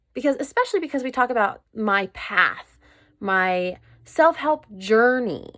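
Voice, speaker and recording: A woman's voice: on the high side, dry recording, studio quality. A woman hosting a solo self-help podcast, talking candidly and emphatically in a coaching manner. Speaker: podcast host.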